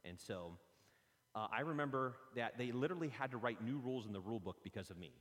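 Animated preacher in a reverberant hall. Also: male voice, medium pitch, fast talker. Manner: animated storytelling, acts out his own stories. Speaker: pastor. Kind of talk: sermon.

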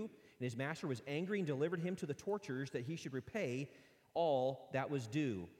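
A man's voice: medium pitch, a little mellow. Man preaching in a reverberant hall. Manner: conversational preaching, reads scripture aloud, asides and chuckles. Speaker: pastor. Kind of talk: sermon.

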